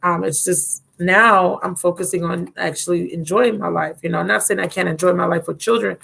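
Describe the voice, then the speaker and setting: A woman's voice: on the low side, fairly even intonation, a little fast, gravelly, fairly bright tone, a little hiss or hum. A woman in her thirties hosting a casual live-stream chat from home, rambling and talking straight to her viewers. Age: 30s. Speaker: tarot reader and channel host.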